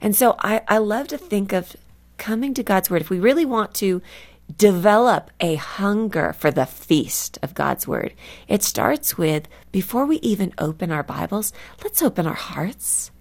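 A woman from California, a guest author speaking earnestly and reflectively in a faith radio interview, slowing down to stress key words. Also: mid-range voice, expressive, a little mellow. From California, USA.

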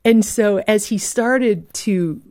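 A woman guest author telling a moving story in a radio interview, vivid and heartfelt, dropping to a hush at key moments. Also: mid-range voice, slow, no echo, studio quality.

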